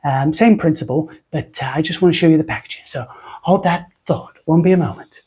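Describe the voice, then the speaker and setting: This British soap-making tutorial host talks a little fast in a warm, husky mid-range voice. Their casual, rambling chat is self-deprecating and performed in an exaggerated comic voice.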